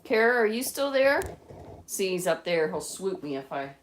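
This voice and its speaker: A woman hosting a live stream at home, chatting casually with viewers and coaxing her pet birds in a high sing-song voice. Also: big pitch swings, moderate pace. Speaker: livestream host with pet birds. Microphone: phone on a small tripod. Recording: echoey room, far from mic, noisy.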